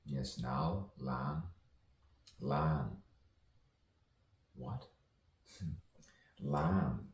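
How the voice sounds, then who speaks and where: Spoken-word poet, man, very deep slow gravelly delivery, rambling and chant-like, roomy echo. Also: darkish tone. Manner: rambling, repetitive chant-like phrasing with chuckles. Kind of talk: improvised stream-of-consciousness poem. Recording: echoey room, distant mic, faint noise.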